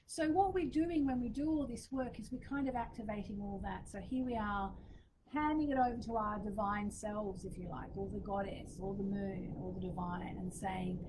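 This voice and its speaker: A woman's voice: a little high, normal speed. A woman leading a spiritual moon ceremony, talking in a casual, meandering, chatty way with fillers, recorded outdoors in a small courtyard. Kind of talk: casual spoken teaching. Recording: outdoor ambience noise behind voice.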